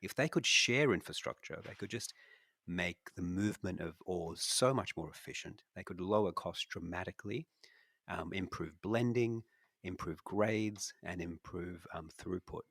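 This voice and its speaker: Australian male co-host, deep gravelly voice, loose rambling analyst delivery. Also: moderate pace, fairly bright tone, no echo, clean studio sound. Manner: rambling, many restarts and fillers. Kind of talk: casual podcast discussion.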